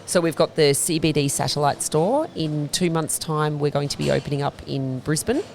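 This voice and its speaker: Woman with a creaky voice. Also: deep voice, fairly even intonation, normal speed, a little mellow, slight background noise. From Australia. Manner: fluent, detailed storytelling. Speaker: bakery founder, guest. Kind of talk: casual interview chat. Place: inside her bakery.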